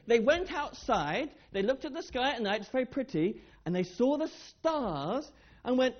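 A church speaker tells a Bible story to children with a lively, swooping delivery, stopping often to put questions to them. The recording sounds dull and lo-fi. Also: medium pitch, fairly quick. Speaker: children's talk leader. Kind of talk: children's sermon.

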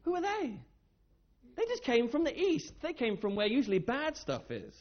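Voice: high-pitched, moderate pace, lo-fi sound. A speaker giving a children's talk in church, telling a Bible story and asking the children questions. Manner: lively, asks the children questions. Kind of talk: children's sermon.

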